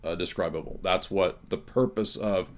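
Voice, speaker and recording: A man's voice: low voice, normal speed. A man hosting a heated stream debate, combative and insulting, pressing the same question over and over. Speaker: host.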